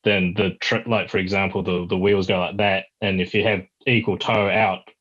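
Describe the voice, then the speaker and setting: A man's voice: sits low, flat delivery, normal speed, a bit bright, muffled recording. A man, a podcast guest chatting casually and rambling with many restarts. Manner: rambling, many restarts, puts on a mock broken-English voice for jokes. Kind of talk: casual chat.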